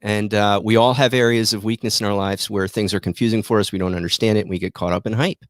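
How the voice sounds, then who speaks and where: A man's voice: lowish voice, fairly even intonation, quick pace, no echo, studio quality. A man hosting a trading show, giving rambling, self-deprecating market commentary that keeps turning into a rant.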